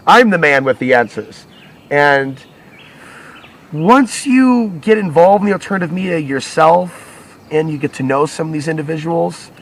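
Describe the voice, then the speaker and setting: A man's voice: fairly high pitch, a little hiss or hum. A man talks alone to his audience in a loose, wandering monologue. He stops and corrects himself often, circling back to repeat and rephrase his points as he goes. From United States. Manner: rambling, restarts and self-corrections. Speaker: alternative media channel host. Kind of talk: solo monologue to camera.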